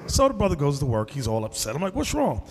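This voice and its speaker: A man preaching in an animated, emphatic way, mixing street talk with scripture in a reverberant hall. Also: on the high side, quick pace. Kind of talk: sermon-style teaching.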